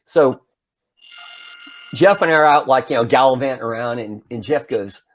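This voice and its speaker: A man's voice: medium pitch, normal speed. A man in his forties, a podcast co-host, casually telling a story and acting out the parts as he goes. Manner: animated storyteller, acts out his own yelling.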